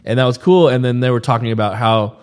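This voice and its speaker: A man's voice: medium pitch, quick pace, clean tone. A young man co-hosting a podcast, talking loosely and profanely in casual chat. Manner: loose, profane, says "dude" a lot. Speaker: podcast co-host.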